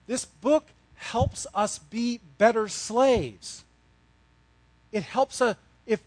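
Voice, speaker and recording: Man, pastor, sermon, high voice, very expressive, hushed to loud, dry close sound. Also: dry recording. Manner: animated storytelling preacher, swings from hushed to loud.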